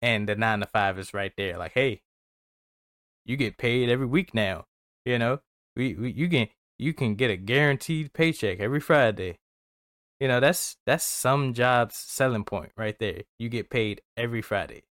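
A man co-hosts a motivational podcast and talks loosely and earnestly in casual slang. His voice sits at an ordinary middle pitch. It is recorded dry, with no room echo. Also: moderate pace, fairly bright tone. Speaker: podcast co-host.

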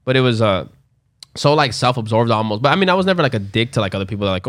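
A man's voice: mid-range voice, racing, a bit bright, no echo, studio quality. A young man casually telling a story, loose and profane, acting out quotes along the way.

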